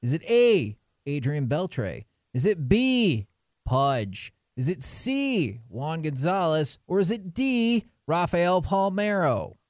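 A man's voice: on the high side, very animated, slow, no echo, clean studio sound. A man co-hosting sports radio, reading out a trivia quiz in a playful, teasing quiz-show manner. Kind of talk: casual radio banter and quizmaster.

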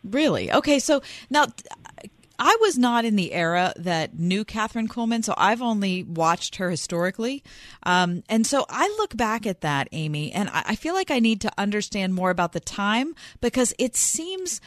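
A woman co-hosting a radio interview, asking curious, expressive questions. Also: medium pitch, moderate pace, dry recording, studio quality. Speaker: radio co-host.

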